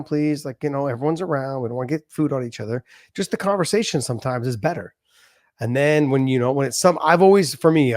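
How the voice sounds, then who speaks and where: In a casual podcast interview, a middle-aged former fighter earnestly explains his views with everyday examples. His voice is medium-pitched, and the recording is dry with clean studio sound.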